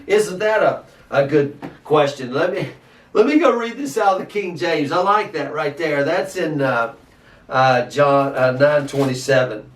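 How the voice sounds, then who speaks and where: A man preaching a sermon, animated and questioning, often repeating his words. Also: on the high side, measured pace. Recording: echoey, distant from mic.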